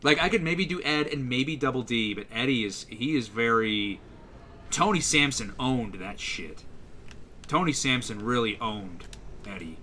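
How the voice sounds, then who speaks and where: A man's voice: mid-range voice, measured pace, a little hiss or hum. A man, a voice actor, chatting casually while streaming a game and demonstrating voices. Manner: animated, slips into voices to demonstrate.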